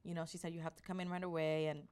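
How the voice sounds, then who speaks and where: A woman telling her personal story as an interview guest, in an animated way with frequent restarts. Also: sits low, very fast, smooth.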